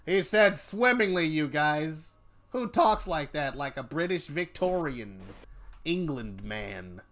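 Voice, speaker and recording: Guy streaming and goofing around, voice jumps all over, kinda highish. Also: slow pace. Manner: playful, jokey, animated. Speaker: streamer host. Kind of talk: casual chat during a work stream.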